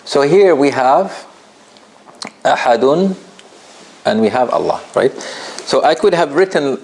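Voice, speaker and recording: A man teaching a recitation class in a relaxed, conversational way, often checking understanding with "right?" and putting questions straight to his students. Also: medium pitch, a little slow, vocal fry. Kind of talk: classroom lesson.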